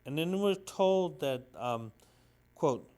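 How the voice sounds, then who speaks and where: A man's voice: a little high, expressive, takes it slowly, mellow. A man casually recapping a comic book issue on his own, talking in a rambling, hesitant way with many ums and restarts. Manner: sentimental about the story.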